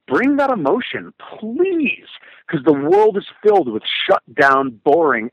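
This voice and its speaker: A man speaking as a podcast guest and motivational speaker, telling stories with animated, emphatic repetitions. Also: on the high side, husky, no room sound, highs cut off. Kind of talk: casual conversation.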